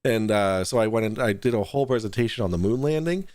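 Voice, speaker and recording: A man hosting a casual online talk show, rambling and restarting sentences, quick to laugh. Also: on the low side, animated, darkish tone, dry recording. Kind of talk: casual podcast chat.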